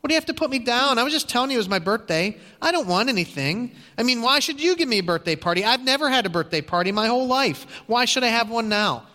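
A man's voice: very high-pitched, lively intonation, fast, few pauses, bright, forceful tone, long reverb tail, pitched above the performer's own voice, heavily acted. A man voicing a weary, hurt woman in her late thirties who answers defensively. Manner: pleading, wounded.

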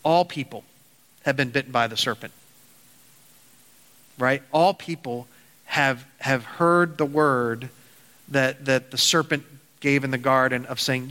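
A man preaching a sermon in an earnest, halting way with frequent restarts, telling a parable to his listeners. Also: medium pitch, sharp tone. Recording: hall reverb.

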